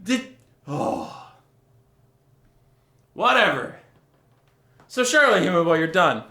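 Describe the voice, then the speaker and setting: A man's voice: a little high, a bit bright, echoey room. A man hosting a game-lore video, ranting in exasperation and swearing freely. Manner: exasperated, profane, acts out characters' lines.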